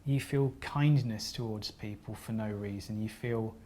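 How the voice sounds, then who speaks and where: A man giving a seminar talk, telling stories in an earnest, halting way with frequent restarts and gentle apologies. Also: on the low side, a little hiss or hum. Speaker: seminar speaker.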